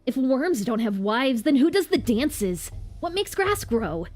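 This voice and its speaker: A woman's voice: high voice, sing-song, a little slow, darkish tone, voice pushed up, full character voice. A woman voicing a cheeky young boy who teases and taunts in a childish, mocking way. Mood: taunting. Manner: mocking, playful, childish questions.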